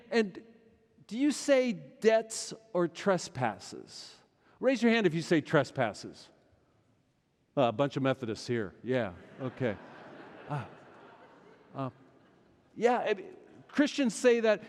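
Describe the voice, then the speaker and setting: A middle-aged male pastor preaching a sermon, swinging between loud urgency and hushed intensity. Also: a little high. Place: large church sanctuary. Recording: long church hall reverb.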